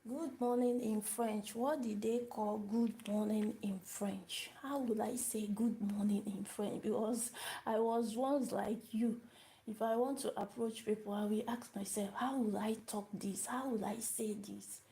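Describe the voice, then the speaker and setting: A woman's voice: medium pitch, fairly even intonation, unhurried, dark tone, rough recording. A woman teaching a beginner lesson on a live stream, repeating each word and asking her viewers questions as she goes. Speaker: language teacher.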